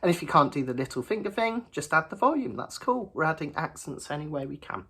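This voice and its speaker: A man's voice: on the high side, big pitch swings, fast talker, creaky, sharp tone, slightly rough. A man teaching a ukulele lesson in a chatty, encouraging way, counting beats aloud as he strums. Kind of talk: friendly instructional lesson. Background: his own ukulele playing.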